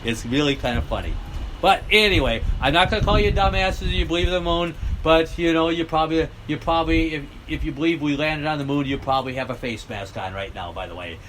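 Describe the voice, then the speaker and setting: A man's voice: on the high side, quick pace, fairly bright tone, a little hiss or hum. An older American man vlogging outdoors, talking bluntly and joking as he rambles. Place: outdoors near a road.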